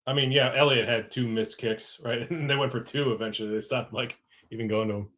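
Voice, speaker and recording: Male co-host, easygoing, hesitant delivery, mid-pitched voice. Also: fairly even intonation, a little fast, fairly bright tone. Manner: hesitant, laid-back, filler-heavy. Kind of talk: casual live show chat.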